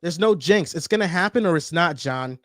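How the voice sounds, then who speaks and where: Guy hosting a sports talk show, kinda high voice, teasing and emphatic, dry sound. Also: expressive, fairly quick, fairly bright tone, dry recording. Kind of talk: casual sports debate.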